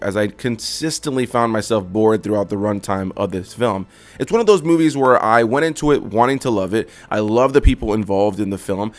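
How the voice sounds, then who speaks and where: Fast-talking man reviewing a film. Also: on the low side. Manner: earnest, candid, repeats phrases for emphasis. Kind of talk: casual spoken movie review.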